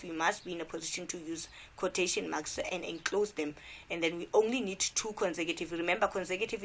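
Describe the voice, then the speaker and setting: A woman's voice: fairly low pitch, fairly bright tone. A South African woman teacher giving an exam revision lesson, repeating key points and asking rhetorical questions.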